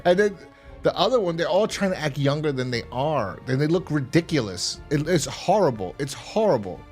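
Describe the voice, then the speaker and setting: With big swings in pitch, a slightly quick pace and a somewhat mellow tone, a young male podcast host chats through a casual review over soft music. He rambles, swears, and plays out scenes in squeaky high voices.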